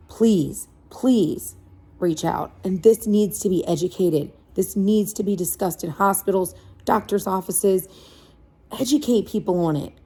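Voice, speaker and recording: A woman's voice: fairly low pitch, mellow, slightly rough. A young adult woman and mom, talking emotionally and earnestly to camera in a vlog, pleading and repeating herself. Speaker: vlogger, mom. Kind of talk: heartfelt direct-to-camera vlog.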